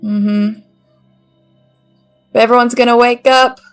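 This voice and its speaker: A woman's voice: on the high side, steady tone, takes it slowly, soft background music. A woman running a tabletop game as game master, narrating in a loose, casual way.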